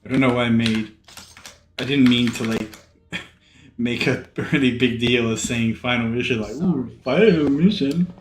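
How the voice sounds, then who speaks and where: Recorded in an echoey room with a little hiss or hum and faint game music behind him, this let's play gamer is sick and yawning. He speaks at normal speed in a mid-range voice with long pauses, rambling relaxedly with plenty of fillers.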